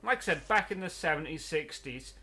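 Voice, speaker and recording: A man's voice: on the high side, animated, a little fast, sharp tone. A man chatting casually while playing a video game, rambling through stories and laughing often. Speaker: let's play host. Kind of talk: casual chat while gaming.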